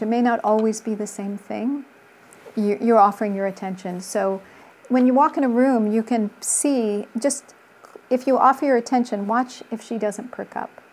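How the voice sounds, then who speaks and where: In a conversational interview, a middle-aged woman who coaches relationships uses a medium-pitched, slightly mellow voice. Earnestly, she recounts cases from her practice and quotes what people said.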